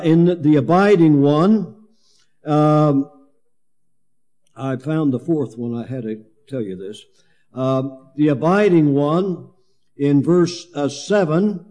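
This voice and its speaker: Male preacher, unhurried verse-by-verse teaching, warm and relaxed tone, slightly raised pitch. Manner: slow, halting, many fillers and restarts. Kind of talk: sermon, Bible exposition.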